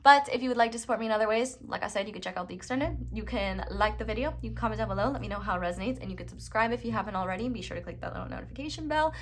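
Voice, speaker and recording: Young woman, tarot reader, chatty and rambling, mid-pitched voice, casual talk to camera. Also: rapid-fire, few pauses, slight background noise. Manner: chatty, rambling, lots of fillers.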